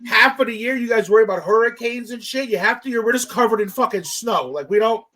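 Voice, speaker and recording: High, bright-voiced man telling stories. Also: fast talker, rough recording. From Canada. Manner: animated storyteller, swears freely. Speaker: podcast co-host. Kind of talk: casual chat.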